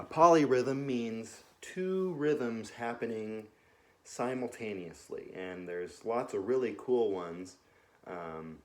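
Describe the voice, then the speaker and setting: Low-voiced man teaching rhythm at home. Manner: relaxed, many ums and uhs, counts beats aloud. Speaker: music teacher. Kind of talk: casual instructional talk. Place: home living room, on a couch.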